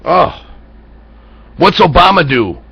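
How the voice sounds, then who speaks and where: A man's voice: high voice, big pitch swings, takes it slowly, creaky, a bit bright, husky, no room sound, highs cut off. An American man hosting an internet talk show, ranting bluntly about politics with profanity and heated rhetorical questions. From United States. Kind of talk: political commentary rant.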